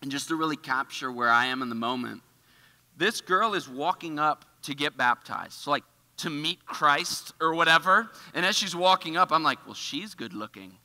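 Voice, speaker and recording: A man giving a casual, animated storytelling sermon in a church, full of filler words. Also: on the high side, moderate pace, in a large hall. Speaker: church speaker. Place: church auditorium.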